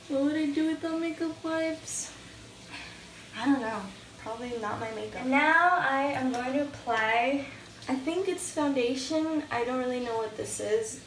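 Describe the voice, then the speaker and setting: With a shower running in another room, a young woman talks through her makeup routine at home in a fairly high morning voice with a little hiss or hum. This beauty vlogger is chatty yet somewhat hesitant, thinking out loud, recorded in an echoey room on a distant mic.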